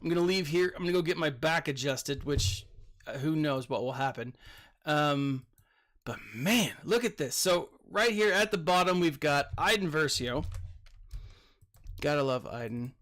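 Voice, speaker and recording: A man's voice: fairly high pitch, lively intonation, a little slow, fairly bright tone. A man who works as a teacher, chatting casually while commenting on a mobile game, a little tired, rambling with lots of fillers.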